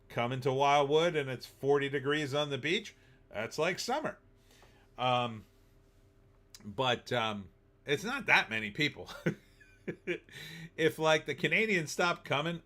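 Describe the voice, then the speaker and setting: A man's voice: medium pitch, pushed and bright. A middle-aged man from New Jersey hosting a casual live stream, reading viewer comments aloud and answering them with sarcastic asides. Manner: chatty, sarcastic, reads chat comments aloud. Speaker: livestream host reading viewer chat.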